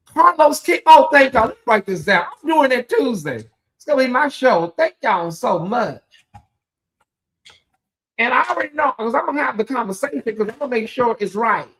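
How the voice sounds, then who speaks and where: A sassy host does live reaction commentary, reading chat comments and talking to viewers like old friends with plenty of "honey" and "girl." Her middling pitch jumps up for loud exclamations and drops low for quick asides, all gossipy and animated.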